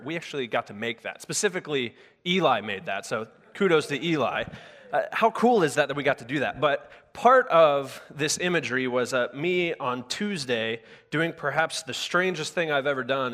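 A man's voice: medium pitch, a bit bright. A male pastor delivering a sermon in a conversational way, often restarting his sentences and using filler words. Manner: conversational with frequent filler words and self-corrections. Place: church sanctuary with a live congregation. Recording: long hall reverb.

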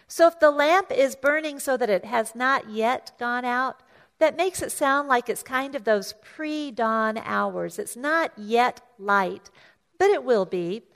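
A woman's voice: animated, takes it slowly, vocal fry, fairly bright tone. A woman pastor preaching a sermon, retelling a scripture story in a conversational way, often restarting and repeating words and lifting her voice to act out the characters. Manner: storytelling, acts out voices of the story with raised pitch.

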